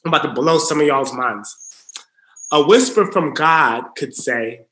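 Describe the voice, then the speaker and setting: A man preaching in an earnest sermon style, dropping to a hush for emphasis. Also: a little high, lively intonation, measured pace. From Southern US. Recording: roomy echo.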